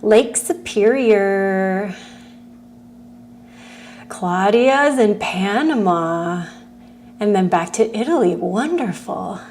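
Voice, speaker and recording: Slow, chatty woman instructor. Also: mid-range voice, lively intonation, a little mellow, slight background noise. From California. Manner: chatty, giggly, greets viewers by name. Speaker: movement class instructor. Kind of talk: casual chat with livestream viewers.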